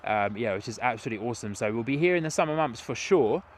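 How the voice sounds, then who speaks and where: A man's voice: mid-range voice, lively intonation, quick pace. Chatty English man streaming outdoors. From England. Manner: chatty, laughs often, many fillers and restarts. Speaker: live stream host. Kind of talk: live plane-spotting stream, reading chat. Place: outdoors at an airport, light rain. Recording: outdoor stream with faint background noise. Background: faint outdoor and vehicle noise.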